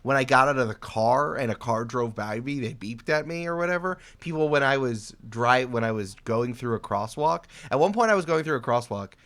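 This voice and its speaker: A man from New York State chatting casually as a podcast guest, telling animated stories with quoted outbursts. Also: mid-range voice, fairly quick, few pauses.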